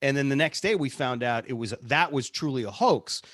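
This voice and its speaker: A man's voice: medium pitch, animated, fairly quick, fairly bright tone, no room sound. A man, a radio producer, telling stories casually in an interview, chatty and self-deprecating. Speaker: radio show producer and on-air personality.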